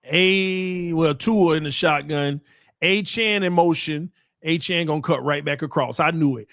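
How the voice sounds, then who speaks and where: Excitable high-voiced man calling plays. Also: moderate pace, dry recording, clean studio sound. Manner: excitable, jumps between hyped play-calling and low muttering asides; casual slangy banter with viewers. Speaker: sports watch party host. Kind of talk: live game commentary and chat.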